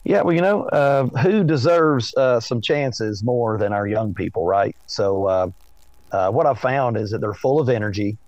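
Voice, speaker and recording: A man with an Appalachian Southern accent, a history teacher speaking as a podcast guest in a slow, melodic storytelling way. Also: mid-range voice, darkish tone, no room sound, muffled recording. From East Tennessee. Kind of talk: casual interview chat.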